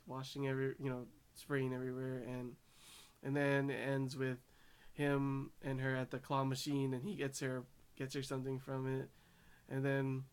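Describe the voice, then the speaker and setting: A man's voice: mid-range voice, smooth. Rambling man gushing over an anime. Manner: rambling, many fillers and restarts; gushing about cute scenes. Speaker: anime reviewer. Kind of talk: casual episode recap.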